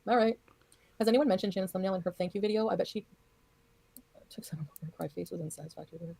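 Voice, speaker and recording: A woman's voice: medium pitch, fast, creaky, warm tone, slightly rough, dry recording. A woman livestreamer ranting in casual chat, blunt, profane and dismissive.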